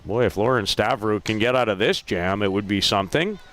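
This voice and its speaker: A man calling a softball game play by play, lively, with self-deprecating asides about player names. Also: lowish voice, a little fast. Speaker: play-by-play announcer. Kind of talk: sports commentary.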